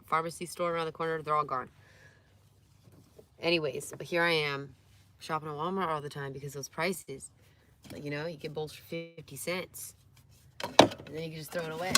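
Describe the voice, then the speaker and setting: A woman's voice: sits low, background noise. A woman in her thirties vlogging in a rambling, candid way, cooing baby talk at her dogs between stories. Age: 30s. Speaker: van-life vlogger. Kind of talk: casual vlog chat.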